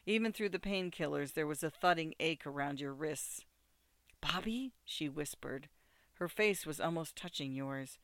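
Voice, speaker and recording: A man narrating an audiobook in a steady, second-person storytelling way. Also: on the high side, moderate pace, clear, resonant tone.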